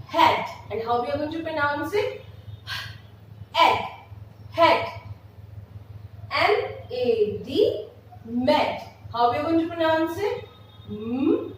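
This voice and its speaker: A woman's voice: high-pitched, slight background noise. A woman teaching an online phonics lesson in Indian English, spelling words letter by letter and repeating each one with emphasis. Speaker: pre-primary teacher. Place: classroom with a blackboard. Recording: echoey room, voice from a distance.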